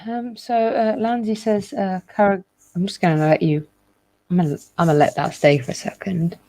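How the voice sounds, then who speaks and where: A woman hosts a casual live stream and reads viewer comments aloud, pausing often with fillers. Her voice is gravelly with plenty of fry and has a warm, mellow tone. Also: medium pitch, rough recording. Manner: relaxed, hesitant with many fillers. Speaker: host reading viewer comments.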